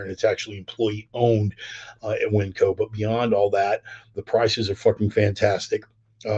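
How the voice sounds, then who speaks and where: Foul-mouthed low-voiced man ranting. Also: dull audio. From California. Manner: blunt, heavy swearing, animated asides. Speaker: podcast host. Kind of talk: profane rambling rant.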